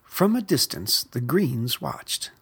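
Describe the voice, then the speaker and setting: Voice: medium pitch, slightly rough. A narrator reading a children's picture book aloud. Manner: expressive, unhurried. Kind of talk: storybook read-aloud.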